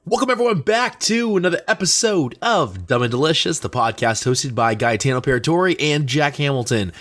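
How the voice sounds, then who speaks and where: A man's voice: a little high, lively intonation, brisk, fairly bright tone. A young man co-hosting a podcast in a goofy, playful way. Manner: goofy, playful, quotes rap lines. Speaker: podcast co-host. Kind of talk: casual podcast chat.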